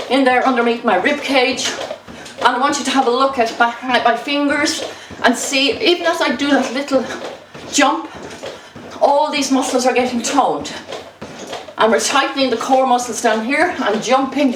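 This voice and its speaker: A bright, fairly high-voiced woman coaches a rebounder workout, cheering the listener on while she keeps bouncing. She sounds a little winded, and her voice carries the echo of a roomy space, picked up from some way off the mic with faint background noise. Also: recorded from a distance. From Ireland. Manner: upbeat, encouraging, talks while bouncing. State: slightly out of breath. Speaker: exercise instructor. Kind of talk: exercise demonstration. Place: indoors at home.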